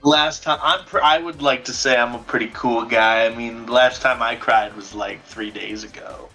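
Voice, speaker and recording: Man, bright forward tone, mid pitch, playful joking friend. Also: moderate pace, breathy edge, faint music behind, low-quality recording. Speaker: friend on stream call. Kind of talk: casual friendly chat.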